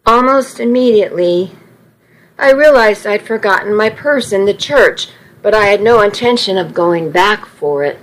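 A woman reading a first-person story aloud in an unhurried way, now and then correcting a slip. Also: medium pitch, lively intonation, low-quality recording. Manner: unhurried, occasional slips and self-corrections. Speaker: narrator.

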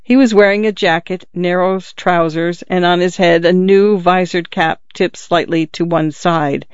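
Measured story reader, super dry close sound, bit muffled. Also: medium pitch, steady tone, clear, resonant tone, no echo. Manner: measured, descriptive reading. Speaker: audiobook narrator. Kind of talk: scripted story narration.

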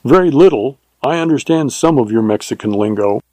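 A man's voice: medium pitch, expressive, brisk, darkish tone, no echo, close to an everyday voice. A man voicing a terse, cool Texas Ranger.

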